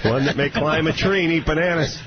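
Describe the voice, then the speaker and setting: A man's voice: a little high, dull audio, a loud crowd. Wisecracking radio host man. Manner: quick wisecracking interjections. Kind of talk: radio talk show banter.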